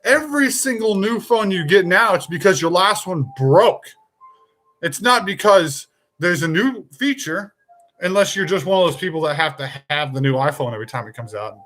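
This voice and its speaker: A man with a somewhat high voice hosts a loose live-stream chat. He rambles and pushes his points hard, tossing in jokes and the odd swear word. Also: expressive, normal speed, a bit bright, faint music behind. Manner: rambling, emphatic, jokey with mild swearing. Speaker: podcast host.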